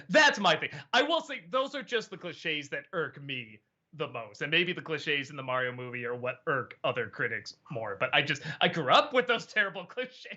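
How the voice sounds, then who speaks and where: A man's voice: a little high, sharp tone, highs cut off. A man hosting a casual live-stream chat, stammering a little and laughing often. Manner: chatty, stammering, quick laughs. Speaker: host.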